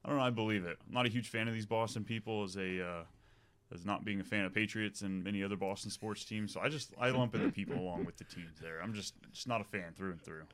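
A man's voice: lowish voice, fast, a bit bright. A man co-hosting a casual movie podcast, enthusiastic and opinionated about the film. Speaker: podcast co-host.

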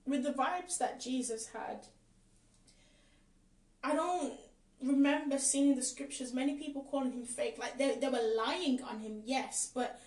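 A woman talks earnestly about faith, her voice fairly high and her delivery impassioned. She repeats points for emphasis. She sits back from the mic in a room with a strong echo. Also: a little slow, darkish tone, recorded from a distance. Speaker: podcast host. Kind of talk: passionate faith talk. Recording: echoey room, away from mic.

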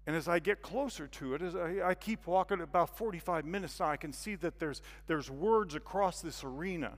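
A high-voiced man tells a sermon as a vivid story, jumping from quiet asides to shouted excitement. His voice carries a long reverb from a large hall. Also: fairly quick, hardly any pauses. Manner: animated, acts out scenes with sudden loud bursts. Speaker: guest speaker.

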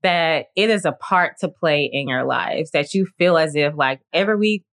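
A woman's voice: sits low, moderate pace, fairly bright tone. A woman in her late twenties hosting a faith-based solo podcast, talking in an earnest, encouraging and reflective way with lots of "like" and "you know". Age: late 20s. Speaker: podcast host.

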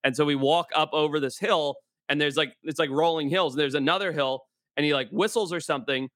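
A man, a guest adventurer, telling a story in an animated way and acting out the people in it. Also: fairly high pitch, brisk, dry recording, studio quality. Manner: animated, acts out the people in his stories. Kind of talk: casual storytelling.

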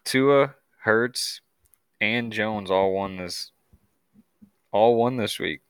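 A man co-hosting a casual sports chat, relaxed and quick to laugh. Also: on the low side, smooth, no room sound. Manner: laid-back, laughs often. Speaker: podcast co-host.

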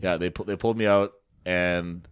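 A man's voice: deep voice, steady tone, moderate pace, clean tone, no room sound, clean studio sound. A man co-hosting a podcast, telling a story in casual chat, swearing often and stumbling over his words. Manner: swears a lot, stumbles and restarts, acts out quotes. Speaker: podcast co-host.

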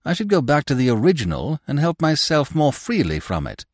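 A man voicing a clever young gentleman who answers with cool, unruffled irony. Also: on the high side, huge pitch swings, fairly quick, no room sound, studio quality, pitched above the performer's own voice. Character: clever young man, bland and quick-witted.

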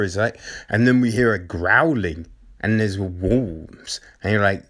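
A man reviewing a film in a casual, animated way, often checking in with "right?" and repeating phrases for emphasis. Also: lowish voice, unhurried. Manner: animated retelling with frequent "right?" and "like".

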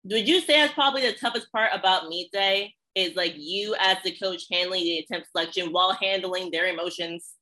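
A woman hosts a casual podcast chat, asking questions loosely and often saying "like". Her voice is bright and sharp, pitched slightly low. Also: a little fast, hardly any pauses, poor audio. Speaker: podcast host.

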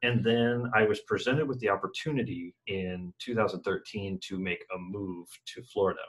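A man from Texas hosting a podcast, chatting in a relaxed, conversational way. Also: lowish voice, moderate pace, rough recording. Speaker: podcast host. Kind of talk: casual interview chat.

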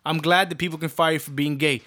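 A man's voice: fairly high pitch, fairly even intonation, quick pace, bright, forceful tone. A man delivering a brash, profane comedic rant monologue.

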